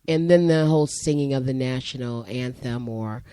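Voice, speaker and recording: A woman who works as a high school teacher, chatting and telling a classroom story in a rambling way and acting out the voices in her quotes. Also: moderate pace, warm tone, smooth, dry recording. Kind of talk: conversational storytelling.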